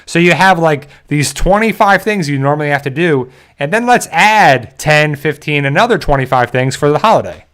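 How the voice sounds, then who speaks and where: A man's voice: fairly high pitch, animated, normal speed, few pauses, a bit bright. A man hosting a casual livestream, reading viewer comments and rambling in a joking way with frequent chuckles. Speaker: channel host reading viewer chat.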